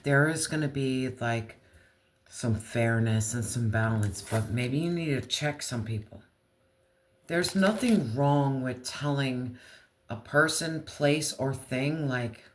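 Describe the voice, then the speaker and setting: A tarot reader giving a casual reading, talking straight to the viewer in blunt slang and swearing freely. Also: mid-range voice. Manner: speaks slowly, talks straight to viewer.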